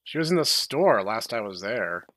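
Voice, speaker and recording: A young man doing sarcastic, deadpan commentary while playing a horror game. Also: on the low side, normal speed, dry recording. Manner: deadpan, dry sarcastic asides. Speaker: game streamer. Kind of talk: sarcastic let's-play commentary.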